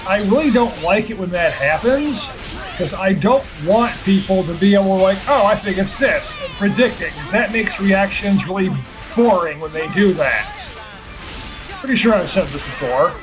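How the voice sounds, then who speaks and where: A man's voice: sits high, animated, moderate pace. A man doing gameplay commentary, ranting and sarcastic, poking fun at himself and others. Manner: ranting, self-deprecating, sarcastic asides. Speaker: let's play host. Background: game music.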